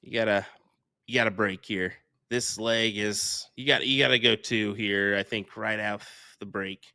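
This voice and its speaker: A male darts co-commentator recorded close and dry, with no room sound. He talks in a relaxed, easygoing way and turns to the viewers to promote the live stream. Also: on the low side, a little slow, no room sound. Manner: laid-back, plugs the stream to viewers.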